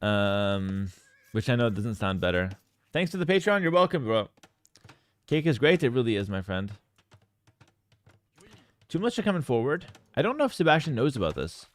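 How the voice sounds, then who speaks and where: A man's voice: mid-range voice, normal speed, long pauses. A man casting a strategy game tournament, telling a story in a casual, talkative way full of asides. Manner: animated, talkative, many fillers and asides. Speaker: game caster and streamer. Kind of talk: casual storytelling and esports commentary.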